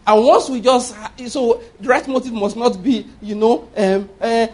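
A man's voice: extremely high pitch, unhurried, darkish tone. A Nigerian man in his fifties preaching a sermon, emphatic and often asking the congregation whether they follow his point. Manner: emphatic, keeps checking the congregation understands. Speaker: pastor.

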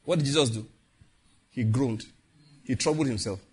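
A Nigerian man preaching a sermon, mixing Pidgin asides with animated warnings and slow, solemn prayer lines. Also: mid-range voice, slightly rough. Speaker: pastor.

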